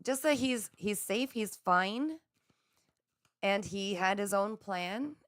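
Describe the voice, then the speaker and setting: A woman hosting a live spiritual chat, speaking in a gentle, affirming and soothing way as she reads out viewer comments. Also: medium pitch, slow pace, no echo. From Canada. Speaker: psychic livestream host.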